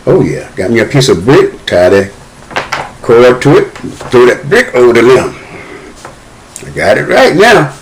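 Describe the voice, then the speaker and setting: Older man as interview guest; expressive, swooping delivery, spins a childhood yarn. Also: medium pitch, a little slow, long pauses, slight background noise, low-quality recording. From Southern United States. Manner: animated, acts out the dialogue in his story. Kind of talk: storytelling about his childhood.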